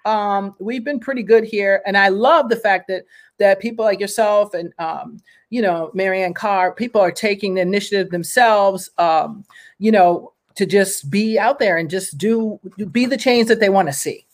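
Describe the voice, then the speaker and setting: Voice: mid-range voice, normal speed. A host in casual conversation, upbeat and encouraging, who breaks into motivational asides.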